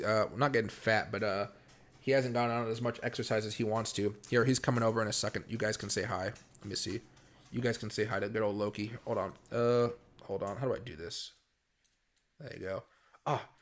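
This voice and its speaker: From a room at home, a man with a mid-range voice hosts a casual late-night crypto live stream. He talks fast and rambles, with lots of fillers and restarts.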